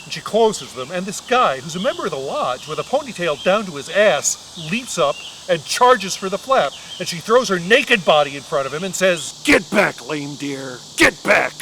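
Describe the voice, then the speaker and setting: A man's voice: high voice, sing-song, normal speed, few pauses, fairly bright tone, slight background noise, rough recording. Middle-aged guy doing a funny monologue, wry and nervous, pokes fun at himself. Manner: wry, anxious, self-mocking. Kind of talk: comic storytelling monologue.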